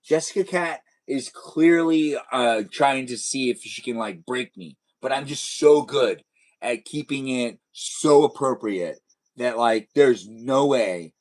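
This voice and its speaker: A man's voice: mid-range voice, takes it slowly, darkish tone. A man hosting a casual live stream, reading viewer comments in a playful, silly, teasing way.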